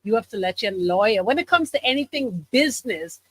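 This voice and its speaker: Lively woman radio host. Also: fairly high pitch, a little fast, husky, dry recording. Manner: lively, affirming, folksy slang. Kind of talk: radio talk show chat.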